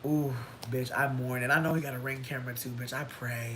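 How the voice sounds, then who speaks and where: A man's voice: steady tone, fairly quick, hardly any pauses, bright, forceful tone, rough recording. A man casually telling a personal story to his livestream viewers, sassy and dramatic, with slangy asides. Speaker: livestream host. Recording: low rumbling background noise.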